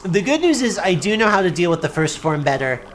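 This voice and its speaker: Excitable woman streamer, lively pitch. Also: a little fast, slight background noise. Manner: excitable, yells at the game, then apologizes. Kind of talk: live gameplay commentary.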